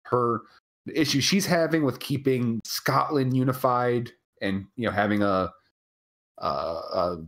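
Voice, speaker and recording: A podcast co-host in casual live chat, rambling and animated, swearing freely over a remote call mic. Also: mid-range voice, a little slow.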